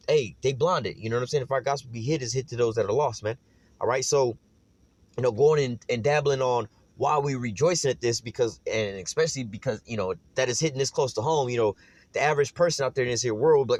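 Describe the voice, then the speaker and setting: A man delivers a fervent, slang-heavy street sermon at a quick clip, dropping curses as he goes. His voice sits dry and close, with no room around it. He keeps checking in with "you know what I'm saying" and rises into loud, high-pitched shouting when he gets fired up. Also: no echo. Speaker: preacher.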